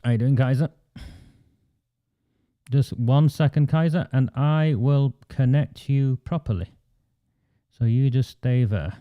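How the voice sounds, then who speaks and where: A man's voice: medium pitch, slow, dull audio. A man with a Northern English accent, hosting a livestream and talking in an emphatic, indignant, repetitive way. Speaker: live stream host. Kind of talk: impassioned livestream monologue.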